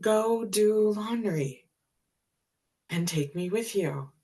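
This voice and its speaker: A woman voicing a gentle, amused female divine spirit who speaks tenderly and teases lightly. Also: mid-range voice, expressive, takes it slowly, voice pushed up. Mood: gentle, affectionate. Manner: tender, teasing.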